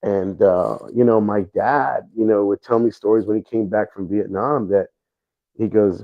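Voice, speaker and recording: A middle-aged man hosting a livestream, talking in a rambling, halting way with many restarts. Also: on the low side, fairly even intonation. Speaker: livestream host. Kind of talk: casual livestream chat. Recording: dull lo-fi stream audio.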